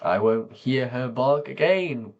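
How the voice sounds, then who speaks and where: A man talking slowly and softly to camera, pausing often as he reflects on personal memories. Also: mid-range voice, animated, lo-fi sound. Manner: slow, soft-spoken, pausing often. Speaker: vlogger.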